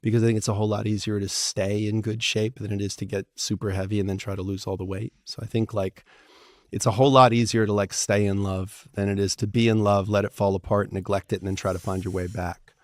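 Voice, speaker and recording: A man's voice: fairly low pitch, quick pace, no echo, clean studio sound. A middle-aged man, a divorce lawyer and author, telling candid, profane stories in a casual interview. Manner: animated storyteller, candid and profane.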